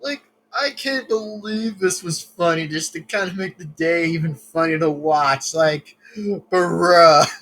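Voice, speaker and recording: A man's voice: sits high, takes it slowly, fairly bright tone. A man rambling through casual reaction commentary, laughing often and swearing. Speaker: video reactor.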